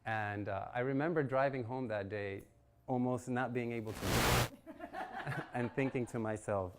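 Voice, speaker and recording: A man in his forties, appearing as a guest speaker at a networking event in an event venue, tells a personal story, acting out quotes and laughing often. His medium-pitched voice moves at a moderate pace over background noise.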